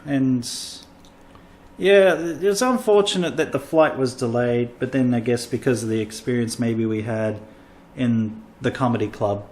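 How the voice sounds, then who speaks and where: A man's voice: medium pitch, a little slow, a little mellow. A man hosting a casual comedy podcast, rambling and self-mocking as he tells a travel story. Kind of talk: casual chat.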